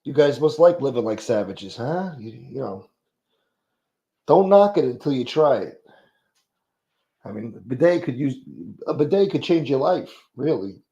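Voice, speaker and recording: Man hosting a livestream, casual profane banter, mid pitch, dull lo-fi audio. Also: lively intonation, a little slow, pauses often, mellow. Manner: profane, joking, greets chatters by name. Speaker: livestream host.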